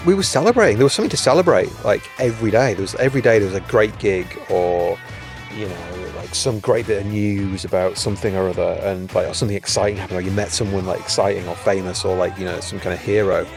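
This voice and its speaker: A man with a gravelly, low-ish voice races through his memories, rambling with lots of fillers. Faint music sits under the dry, close recording. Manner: rapid, rambling, filler-heavy talk. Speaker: band member. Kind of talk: reminiscing interview.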